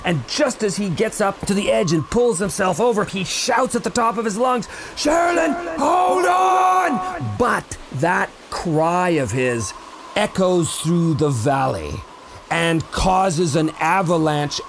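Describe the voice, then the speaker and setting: A man's voice: high voice, animated, measured pace, soft background music. A man narrating a tabletop role-playing game as game master, telling the story dramatically with fillers and restarts.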